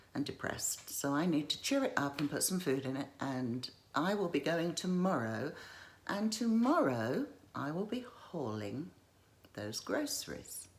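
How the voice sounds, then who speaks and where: A woman chatting to her viewers in a self-deprecating vlog monologue. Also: sits low. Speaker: YouTube haul vlogger.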